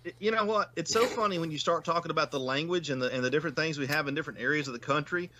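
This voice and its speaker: A man with a Southern US accent and a slightly high voice talks very fast over background noise. He's a podcast guest, a paranormal investigator, thinking things through in casual chat and stumbling over repeated words.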